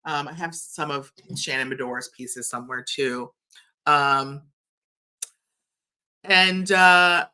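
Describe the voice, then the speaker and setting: A woman's voice: deep voice, bright, forceful tone. A woman reviewing TV from a room at home, chatty and candid, who fills her talk with fillers and retells scenes. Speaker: TV reviewer and host. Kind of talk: casual recap commentary. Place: home room filled with pop culture items.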